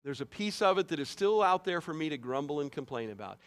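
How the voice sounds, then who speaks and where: A male pastor delivering a sermon with a fairly high voice for a man. He preaches in an earnest, conversational way, sometimes rising loud and sometimes dropping soft. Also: very animated, fast talker, few pauses.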